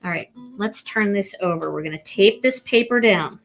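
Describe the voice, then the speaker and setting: This card-making instructor has a mid-range voice with vocal fry, speaking at a normal pace over soft background music. Chatty and playful, she guides her live stream viewers through stamping cards step by step.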